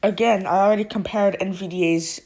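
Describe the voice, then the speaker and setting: A woman giving a casual spoken app review, talking in a halting, informal way and often restarting her sentences. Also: medium pitch, fairly even intonation, darkish tone.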